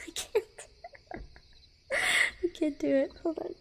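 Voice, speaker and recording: A woman streamer chats casually on a live stream in a soft, high voice. She talks slowly, giggles often and rambles through fillers and restarts.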